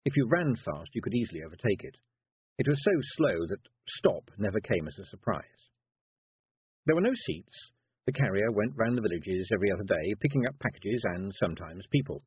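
A man narrating a storybook with a low, very husky voice that rises and falls widely. The reading is expressive and measured, and the sound is dry and tinny like a phone line. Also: no room sound. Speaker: audiobook narrator.

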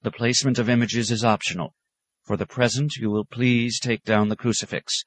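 A weary abbot keeping order with firm, deliberate words, as a male narrator puts him on. His voice is pitched a little above the reader's own, steady and controlled, recorded dry and close. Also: dry recording, lightly acted. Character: stern, weary male abbot, calm authority.

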